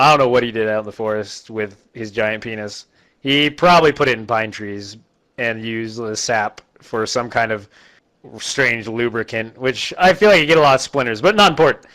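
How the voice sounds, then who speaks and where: A man recapping a terrible movie in a casual, rambling, deadpan way, quickly putting on the characters' voices. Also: medium pitch. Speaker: host recapping a bad movie.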